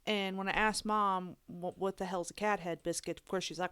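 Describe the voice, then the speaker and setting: A woman's voice: mid-range voice, steady tone, moderate pace, fairly bright tone, smooth, no room sound. A woman, rambling through family stories in a casual podcast chat. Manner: rambling, chatty storytelling. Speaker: podcast co-host.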